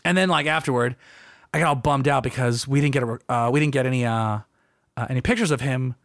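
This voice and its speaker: A man's voice: medium pitch, quick pace, a bit bright, dry recording, clean studio sound. A young man telling a story in casual chat, rambling and self-deprecating, acting out quotes in a raised voice.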